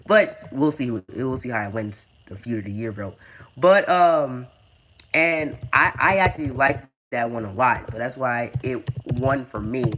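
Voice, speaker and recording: A man's voice: mid-range voice, a little slow, fairly bright tone, slight background noise. A young man hosting a casual gaming video, stammering and repeating words, calling people dude and man. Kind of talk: casual game commentary.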